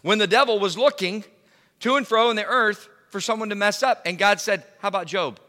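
A middle-aged man preaching a sermon, telling a personal story in an animated way, repeating words and bursting into loud cries. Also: high voice, brisk. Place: church hall. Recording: reverberant hall.

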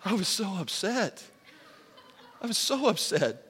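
A man in his forties, a pastor giving a sermon as an animated, joking storyteller. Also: high voice, a little slow. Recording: long hall reverb.

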